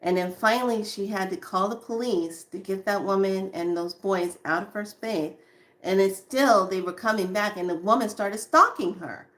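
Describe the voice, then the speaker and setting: Animated woman telling a story. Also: medium pitch, normal speed. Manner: animated, repeats words and acts out quotes. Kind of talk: casual storytelling.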